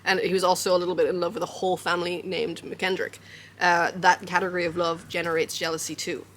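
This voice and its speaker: Young adult woman, book vlogger, casual and chatty, full of fillers and quick laughs. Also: fairly low pitch, level tone, fairly bright tone, a little hiss or hum.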